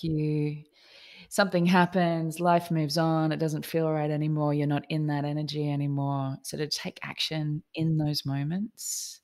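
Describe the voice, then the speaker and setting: Woman podcast host, very low voice, thinking out loud, a bit halting. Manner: thoughtful, searches for words. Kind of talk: reflective conversational remarks.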